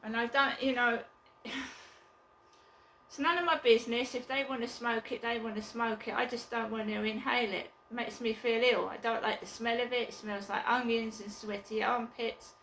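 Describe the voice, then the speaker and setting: Woman vlogging at home, casual rambling chat, blunt, bright higher voice, echoey room. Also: steady tone, moderate pace, slight background noise. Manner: chatty, rambling, blunt with swearing. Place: her flat.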